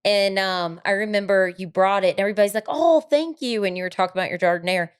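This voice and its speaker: A woman co-hosting a casual chat, chiming in with quick questions and asides. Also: medium pitch, little pitch movement, clean tone. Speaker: podcast co-host.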